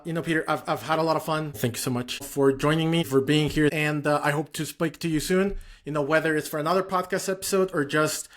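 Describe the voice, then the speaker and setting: A man's voice: on the high side, fairly even intonation, fast, few pauses. A man hosting a podcast, casually responding to his guest and thanking him as he wraps up. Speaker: podcast host. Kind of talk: casual interview chat.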